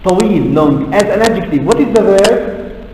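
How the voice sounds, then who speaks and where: A man teaching English pronunciation to a class, asking questions and repeating example phrases slowly. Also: high voice, lively intonation. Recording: echoey hall recording with noise.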